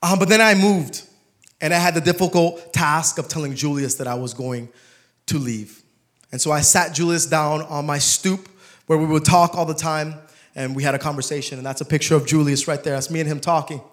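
High-voiced young man preaching a sermon. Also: brisk. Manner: storytelling with humor, turns soft and emotional.

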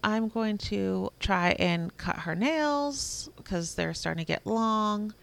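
A woman in her thirties co-hosting a podcast, telling a story about her toddler in a casual chatty way with quick laughs. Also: mid-range voice, gravelly. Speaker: podcast co-host. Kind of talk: casual chat.

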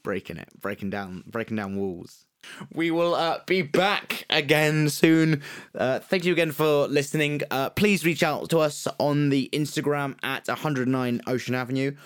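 A young man chats loosely on a podcast, rambling and swearing as he goes. His voice sits a little high. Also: moderate pace, clear, resonant tone. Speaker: podcast co-host. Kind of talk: casual chat.

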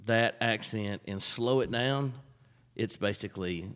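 Southern guy from alabama, lowish voice, rambly podcast chat, echoey long reverb. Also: unhurried, fairly bright tone. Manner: chatty, rambling storyteller. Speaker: podcast co-host. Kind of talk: casual chat.

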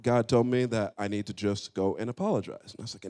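A man's voice: fairly low pitch, steady tone, fast, mellow. A man earnestly telling a personal story in casual talk, reflective and open.

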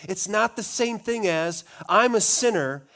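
A man's voice: high voice, expressive, measured pace. Impassioned male pastor preaching. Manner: impassioned preaching, swinging from loud pleas to hushed tones. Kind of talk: sermon.

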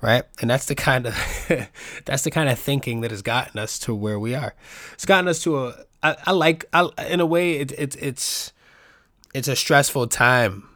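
A man from the Bronx with a New York accent, hosting a casual solo podcast in a rambling, profane, animated way. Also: medium pitch, normal speed, dry recording, clean studio sound. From the Bronx, New York City. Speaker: podcast host.

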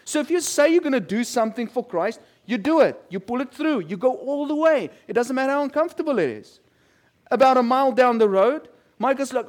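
With a very high-pitched voice and lively intonation, a middle-aged pastor moves briskly through a storytelling sermon. He keeps it conversational and acts out what the people in his stories say.

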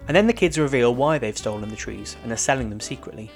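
Male podcast host, mid-pitched, matter-of-fact recap over faint music. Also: expressive, fast talker, creaky. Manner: plain, matter-of-fact narration. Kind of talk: recapping a TV episode.

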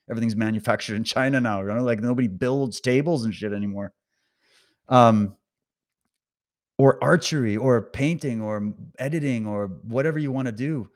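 A man's voice: mid-range voice, moderate pace. A middle-aged man with an ordinary mid-range voice delivers a motivational monologue to his audience. His style is emphatic and exhorting, pushing listeners to raise their own standards. He swears casually as he talks. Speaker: podcast host.

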